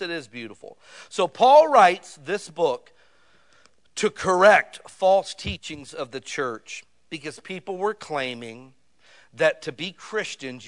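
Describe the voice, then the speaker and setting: A middle-aged man preaching a sermon as a pastor, in a folksy, animated way with everyday examples. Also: fairly high pitch.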